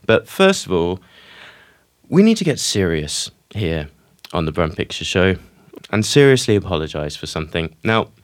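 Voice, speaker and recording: A man's voice: low-pitched, big pitch swings, normal speed, no room sound. A man hosting a casual podcast, introducing segments and apologising in a wry, mock-serious way. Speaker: podcast host.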